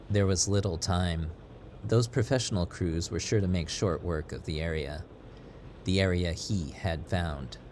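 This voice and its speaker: A man reading a scripted story as narrator, in a steady, measured way. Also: deep voice. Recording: audible background noise.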